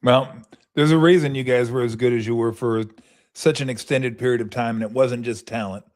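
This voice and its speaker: A man's voice: medium pitch, fairly even intonation, fairly quick, a little mellow. Easygoing male sports talk host. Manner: brief, easygoing interjections. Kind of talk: casual sports interview.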